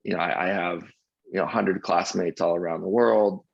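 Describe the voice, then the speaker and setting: A man as a podcast guest, telling an animated anecdote in casual conversation, often restarting his sentences. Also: deep voice, normal speed, creaky, dry recording. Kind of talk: casual interview storytelling. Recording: dull lo-fi dry sound.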